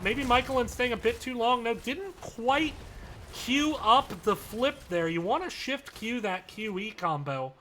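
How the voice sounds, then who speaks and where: Bright-voiced male esports caster. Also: high voice, slight background noise. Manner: brisk, chatty, with asides. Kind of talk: live play-by-play commentary.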